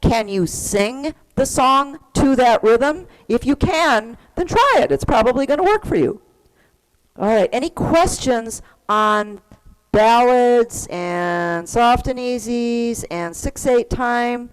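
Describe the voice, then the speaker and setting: A music teacher leads an online keyboard class over a computer mic on a video call, patiently explaining rhythm and counting beats out loud. Her voice is on the high side and clean, slow-paced with lively intonation.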